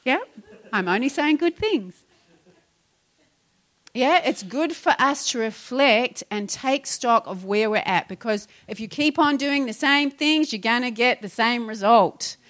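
A woman's voice: fairly high pitch, lively intonation, unhurried, a bit bright. A middle-aged woman preaching a sermon, exhorting her congregation with rhetorical questions. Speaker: pastor.

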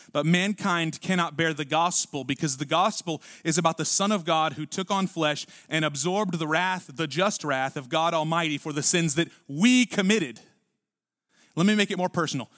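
A man preaching a sermon as pastor, swinging from punchy lines to hushed asides and acting out voices. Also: fairly high pitch, dry recording, studio quality. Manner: animated preaching with sudden drops to quiet and acted-out voices.

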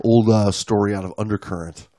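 A man's voice: on the low side, steady tone, a little fast, warm tone, no echo, studio quality. A man co-hosting a podcast, recapping the year in casual, joking banter with plenty of fillers. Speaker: podcast co-host.

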